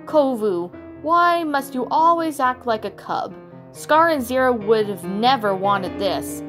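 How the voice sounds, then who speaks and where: A woman's voice: on the high side, expressive, unhurried, pitched above the performer's own voice. A woman voicing a scheming, spiteful rogue lioness villain, reading her lines plainly in a storybook reading. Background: soft background music.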